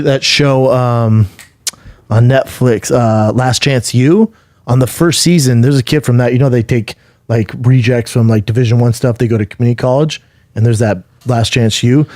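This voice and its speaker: A man co-hosting a podcast in casual chat, telling animated stories and swearing freely. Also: medium pitch, no room sound, clean studio sound. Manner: animated storytelling, acts out quotes, swears freely. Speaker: podcast co-host.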